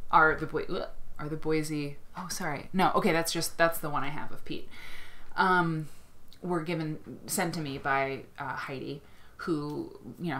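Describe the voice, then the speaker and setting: Excitable rambling woman streamer. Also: deep voice, slight background noise. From Iowa. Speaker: livestream host. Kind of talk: casual livestream chat.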